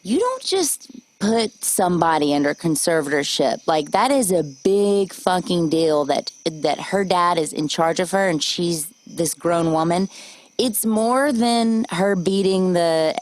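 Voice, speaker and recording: This woman talks casually in a somewhat low voice. She hosts a podcast, tells stories with animation and swears freely. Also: unhurried, rough recording. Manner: chatty, swearing, animated storytelling. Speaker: podcast host.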